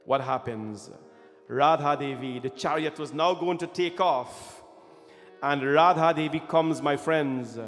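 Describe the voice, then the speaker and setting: A man tells a devotional story in an impassioned sermon, often calling his listeners his friends. He speaks slowly in a somewhat high voice. His words ring out in a reverberant temple hall with faint music behind.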